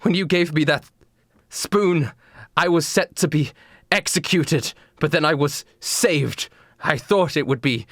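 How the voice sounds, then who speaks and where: A man's voice: on the high side, a little slow, a bit bright, no echo, clean studio sound, pitched above the performer's own voice. A man voicing a bitter young male cyborg who speaks in an accusing, grim way.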